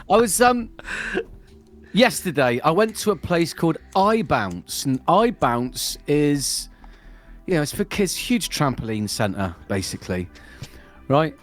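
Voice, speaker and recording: A man's voice: fairly high pitch, big pitch swings, slow, long pauses, soft background music. A man chatting casually on a live stream, telling a story with frequent laughs. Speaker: streamer co-host. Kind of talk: casual chat.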